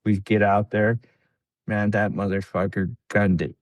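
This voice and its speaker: In a relaxed podcast chat, a veteran guest with a low voice tells a war story, miked dry and talking a little slowly. He jumps up into a higher voice to act out what others said, sprinkling in fillers and laughs as he goes.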